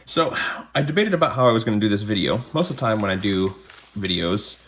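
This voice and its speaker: Man, low voice, chatty, rambling, jokey asides, casual home video. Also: lively intonation, fast talker, fairly bright tone. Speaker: unboxing video host. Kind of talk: casual unboxing and beer tasting chat.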